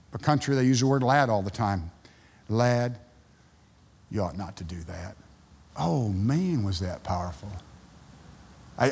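Preaching a sermon, a male pastor tells stories and voices the people he quotes. He speaks at a medium pitch, and his voice trails off into a long reverb.

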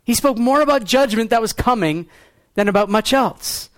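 High-voiced man preaching earnestly, dry sound. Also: lively intonation, no echo. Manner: earnest, shifts between quiet low lines and quick pointed rhetoric. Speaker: pastor. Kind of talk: sermon.

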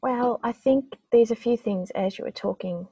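A woman's voice: on the high side, moderate pace, dark tone, breathy edge, dry recording. A middle-aged woman hosting a podcast interview, speaking in an emotional, openly moved way. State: tearing up. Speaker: podcast host. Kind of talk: heartfelt conversational interview.

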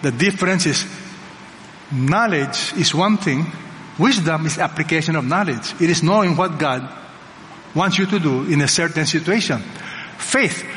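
Emphatic pastor preaching in a reverberant hall. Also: male voice, a little high, expressive, moderate pace, fairly bright tone, slight background noise. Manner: emphatic, rhetorical questions to the congregation. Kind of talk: sermon. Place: large church hall. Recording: long reverb of a large hall.

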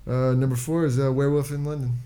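A man's voice: mid-range voice, level tone, fast talker, dark tone. A man in casual chat, laid-back and joking with a straight face.

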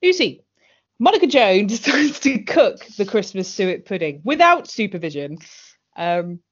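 A woman's voice: mid-range voice, sing-song, unhurried. Woman, podcast co-host, casual and blunt, muffled lo-fi audio. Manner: blunt, sweary, laughs often, acts out quotes. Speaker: podcast co-host recapping a TV drama. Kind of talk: casual chat. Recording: dull lo-fi audio.

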